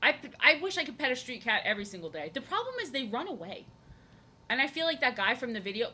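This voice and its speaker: A woman's voice: very animated, fast talker, sharp tone, slightly rough. A young woman chatting casually while drawing on a live stream, rambling and talking to her cat. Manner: rambling, chatty, talks to her cat in a high sing-song. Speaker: art streamer.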